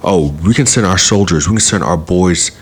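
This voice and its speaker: Male podcast host with a very low voice, fired-up and argumentative monologue. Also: moderate pace, slightly rough. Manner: heated, argumentative, rhetorical questions. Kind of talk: opinion rant.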